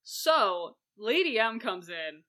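Young woman cohost, animated casual film chat, does little voices for the characters, bright tone. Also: a little high. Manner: animated, acts out lines in quick impressions. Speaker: podcast co-host.

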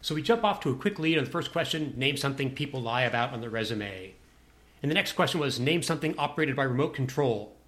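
A man's voice: mid-range voice, animated, fast, a bit bright. A man telling a personal anecdote to a listener in a wry, self-deprecating way.

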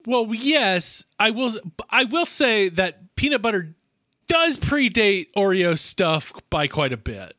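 A man's voice: high-pitched, very animated, slow pace, bright, forceful tone, no echo. A man hosting a casual podcast chat, hesitant with lots of ums, making dry wry asides. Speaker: podcast host.

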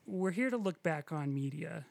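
A man's voice: fairly high pitch, animated, normal speed, vocal fry, darkish tone, no echo. A man co-hosting a casual podcast chat, rambling and self-deprecating, with many restarts and fillers. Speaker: podcast co-host.

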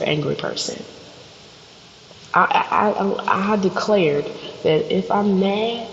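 A woman hosts her own podcast, ranting bluntly with lots of swearing and acting out quick scenes with other people. Her voice sits in a roomy, echoey space. The sound is a little dull, with a faint hiss underneath. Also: fairly low pitch. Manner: blunt, profane, animated, acts out little scenes. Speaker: podcast host. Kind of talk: solo podcast rant. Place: studio.

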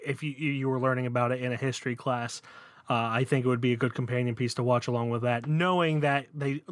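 A man chatting as a podcast co-host, loose and rambling, full of "uh" and "like". His middle-pitched voice sounds dry and close, with no room around it. He restarts his sentences often as he talks. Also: fairly bright tone, no echo. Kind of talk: casual chat.

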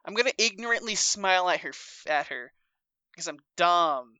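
Giggly, scatterbrained bright woman. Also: lowish voice, animated, moderate pace, no echo. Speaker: player. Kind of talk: casual tabletop game chat.

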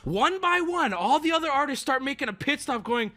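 A man streamer telling a story in casual chat, excitable and swearing, dropping low and then jumping loud. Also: a little fast. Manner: excitable, profane, swings between hushed and loud.

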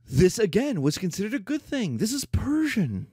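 Animated, emphatic male teacher lecturing. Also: sits high, moderate pace, hardly any pauses, husky, no echo, clean studio sound. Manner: animated, emphatic, with playful mock voices. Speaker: history teacher. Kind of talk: classroom lecture.

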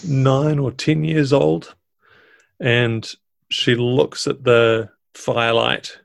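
A man, narrating a tabletop game as dungeon master in a measured, descriptive way. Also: medium pitch, level tone, gravelly, no room sound.

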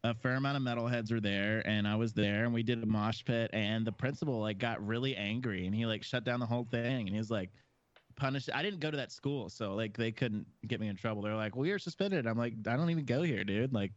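A man's voice: lowish voice, fairly quick, smooth, no room sound. Laid-back young man, slightly muffled. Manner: laid-back, frequent "like" fillers. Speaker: podcast guest. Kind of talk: casual chat. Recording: slightly muffled podcast audio.

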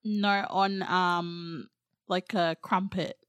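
A woman's voice: fairly low pitch, steady tone, drawn-out words, smooth, no echo. A woman co-hosting a casual chat, chatty and giggly, searching for words as she explains. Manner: chatty, laughing, hesitant with fillers.

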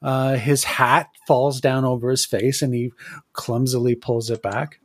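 Male game master, measured scene-setting narration, dry close sound. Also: medium pitch, level tone, dry recording. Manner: describes scenes in slow, measured detail.

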